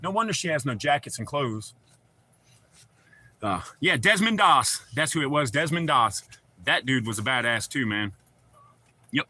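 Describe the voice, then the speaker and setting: A man's voice: medium pitch, lively intonation, moderate pace, long pauses, pushed and bright. A man hosting a livestream, chatting casually and profanely with viewers and joking around. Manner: profane, joking, talks back to chat. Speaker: livestream host.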